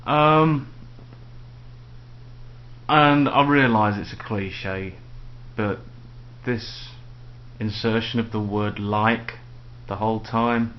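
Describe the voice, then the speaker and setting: Slow, grumbling man, lo-fi video. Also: fairly low pitch, fairly even intonation. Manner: grumbling, sarcastic ranting. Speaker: vlogger. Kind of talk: casual monologue to camera. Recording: dull lo-fi home video with faint noise.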